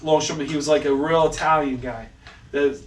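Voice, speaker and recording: A man's voice: a little high, steady tone, a little fast. A man co-hosting a casual podcast, telling stories animatedly, acting out quotes and swearing freely. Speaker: podcast co-host. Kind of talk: casual chat. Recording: echoey room, mic at a distance, faint hiss.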